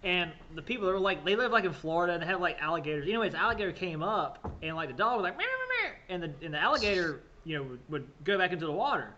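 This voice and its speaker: This man tells stories with a lively, swooping voice that sits high and bright. He laughs easily and leans on "like" as he talks. The recording sounds a little dull and lo-fi. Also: very fast, hardly any pauses. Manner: animated, laughing storyteller with lots of "like". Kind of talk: casual chat.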